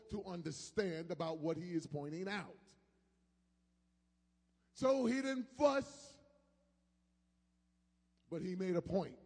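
High-voiced preacher in a reverberant hall. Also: male voice, breathy edge. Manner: preaching with sudden shouted peaks and soft asides. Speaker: pastor. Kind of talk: sermon.

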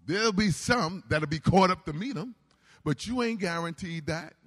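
A man preaching a sermon in a call-and-response style, building to shouts. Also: high voice, moderate pace. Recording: reverberant hall.

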